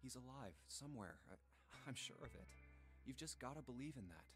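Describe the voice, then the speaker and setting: A man's voice: mid-range voice, lively intonation, fairly quick, over music, lightly acted. An actor voicing an earnest, protective young male protagonist in a visual novel; he talks reassuringly and stammers when flustered.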